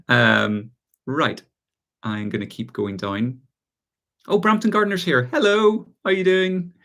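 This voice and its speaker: A man with an Irish accent hosting a relaxed live chat, reading out viewer questions and answering them with easy laughs. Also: on the high side, slow, gravelly, long pauses. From Ireland. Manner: relaxed, chatty, reads out viewer comments and laughs often. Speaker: gardening channel host.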